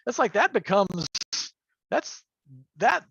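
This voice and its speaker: A guest game master on a casual livestream chat, this man speaks slowly in a high, very animated voice with vocal fry. He rambles, filling gaps with fillers and chuckles, and his remote call mic delivers dull lo-fi audio with background noise.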